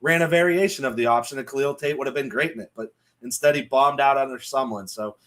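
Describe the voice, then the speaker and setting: Male podcast co-host, mid-pitched, chatty and joking, casual betting talk. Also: fast, fairly bright tone. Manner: chatty, laughs often, joking. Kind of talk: casual sports betting chat.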